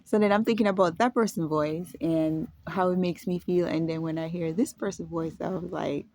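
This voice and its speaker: A woman vlogging at home in a casual, rambling way, halting and restarting, breaking into laughter. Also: lowish voice, steady tone, a little mellow, no room sound, clean studio sound. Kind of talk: casual spoken reflection. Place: indoors at home.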